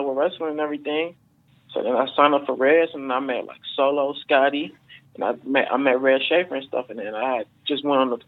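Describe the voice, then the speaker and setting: A man being interviewed as a fighter, telling stories in a rambling, casual way with lots of fillers and swearing. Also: medium pitch. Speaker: MMA fighter guest. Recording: phone-like narrow band.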